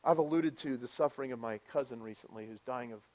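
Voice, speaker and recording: A man preaching a sermon as a pastor, reading scripture aloud and moving from quiet reflection to loud, impassioned preaching. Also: mid-range voice, fairly even intonation, fast. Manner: reads scripture aloud with emphasis.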